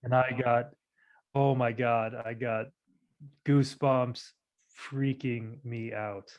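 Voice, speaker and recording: Man from ohio, podcast host, mid-pitched voice, loose casual talk, halting restarts. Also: level tone, lo-fi sound. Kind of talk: casual chat.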